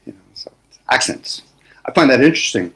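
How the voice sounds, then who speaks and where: A man's voice: medium pitch, very animated, fast, fairly bright tone, breathy edge, whispered, rough recording. A man from Canada chatting casually as a co-host, easygoing and thinking aloud with the odd chuckle. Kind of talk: casual chat.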